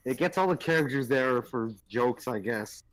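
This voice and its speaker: A man's voice: medium pitch, lively intonation, normal speed, a bit bright, dry recording, rough recording. A young man co-hosting a casual podcast, rambling and restarting as he retells things. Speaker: podcast co-host. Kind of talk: casual chat.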